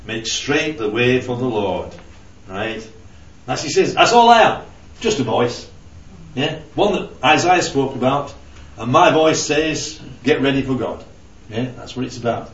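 A mid-range, slightly bright male voice guides a small group through an informal Bible study, chatting conversationally and regularly asking "right?" or "yeah?". It's captured in a dull, distant, roomy lo-fi recording.

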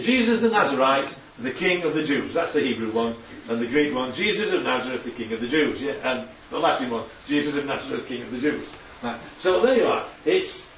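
A preacher teaching from slides gives an informal Bible talk, chatty and packed with tag questions. His voice is medium-pitched and a bit bright. The room is echoey, the mic distant and dull, with a faint hum underneath.

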